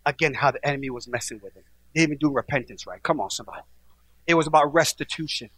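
A middle-aged male pastor preaching a sermon, urging the crowd with call-and-response lines and swinging from hushed tones to shouts. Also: on the high side, animated, a little fast, slightly rough, dry recording.

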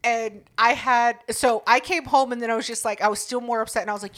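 A woman's voice: fairly high pitch, fairly quick, few pauses, a bit bright. A young woman co-hosting a podcast, telling a story in casual chat with profane indignation. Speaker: podcast co-host.

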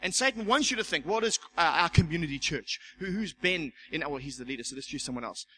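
Animated preacher man. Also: fairly high pitch, fast talker, slight background noise, low-quality recording. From South Africa. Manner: animated, repeats words, acts out quoted voices. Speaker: pastor. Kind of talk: sermon.

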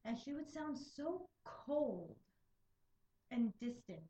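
A woman co-hosting a podcast in casual chat, playful and quick to laugh. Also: fairly high pitch, lively intonation, warm tone, reverberant, muffled recording. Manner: playful, giggly banter. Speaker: podcast co-host. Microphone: close to the mic.

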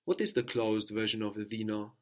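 A man teaching a spoken language lesson, patiently prompting his student and repeating each answer slowly. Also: lowish voice, little pitch movement, a little mellow.

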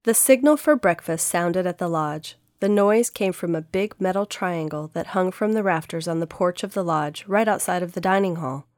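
Lady reading a kids audiobook, lowish voice, steady, dry close mic sound. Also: normal speed, hardly any pauses, no echo. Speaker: audiobook narrator. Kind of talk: scripted storybook narration.

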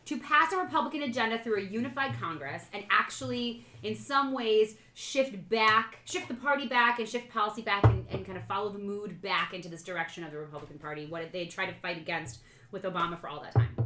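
A woman's voice: mid-range voice, sharp tone, echoey room, slight background noise. A woman who studies Congress, explaining politics analytically in casual podcast talk and laughing easily. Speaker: political science guest.

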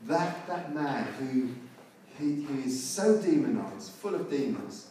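A man preaching a sermon in a very echoey church hall, heard from some distance. He tells the story at an easy pace and rises to loud, emphatic peaks. Room noise is clearly audible behind him. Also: medium pitch, lively intonation, slow pace.

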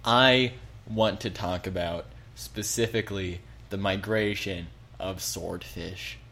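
A man's voice: sits low, steady tone, slow, sharp tone. A man co-hosting a comedy podcast, rambling through jokes and mock-serious explanations. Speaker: podcast co-host. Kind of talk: casual comedic chat.

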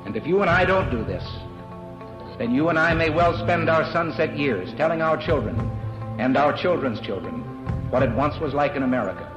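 A man giving a solemn, measured speech, heard as an old archive recording with music under it. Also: a little high, animated, echoey room, dull audio.

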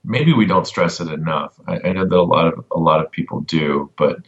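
A man on a casual podcast giving an advocacy update, halting with many ums and restarts and a dry sense of humor. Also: low voice, lo-fi sound.

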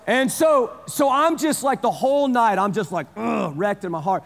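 Man, forties, preacher, high male voice, conversational, repeats phrases, long hall reverb. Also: moderate pace, creaky. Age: 40s. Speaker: pastor. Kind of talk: sermon.

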